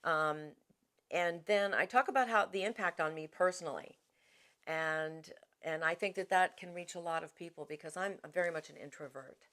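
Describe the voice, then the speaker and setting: A middle-aged woman voice actor talks through interview answers, chatty and self-deprecating. Her voice sits a little low, and she restarts her sentences often. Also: normal speed, fairly bright tone.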